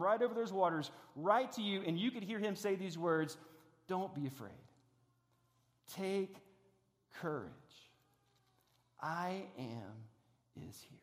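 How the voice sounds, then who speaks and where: Man preaching a sermon, high voice, dynamic delivery, hushed passages, long reverb of a church sanctuary. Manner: dynamic preaching, drops to hushed tones for emphasis. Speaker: pastor.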